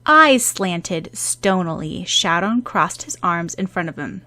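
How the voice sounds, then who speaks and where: A woman's voice: on the low side, animated, slow, sharp tone. Woman narrating a fan story. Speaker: audiobook narrator.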